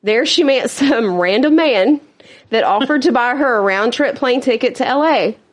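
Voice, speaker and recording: A woman's voice: a little high, animated, moderate pace. A woman co-hosting a true-crime podcast, chatting casually, laughing often and tossing in blunt asides. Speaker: podcast co-host.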